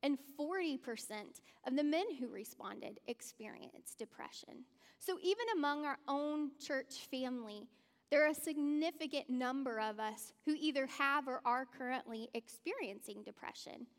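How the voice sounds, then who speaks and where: Woman, sermon, casual and direct, high voice, long reverb of a church hall. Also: moderate pace. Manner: conversational, informal, addresses the audience directly. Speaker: church speaker.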